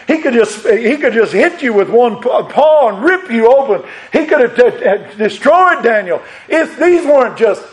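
A man preaching a sermon, emphatic, rising to loud peaks and repeating his phrases. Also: sits high, poor audio.

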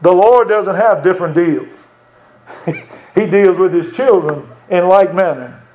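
High-voiced preacher, folksy sermon. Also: male voice, a little slow. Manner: conversational, asks rhetorical questions, chuckles now and then. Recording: dull lo-fi church recording.

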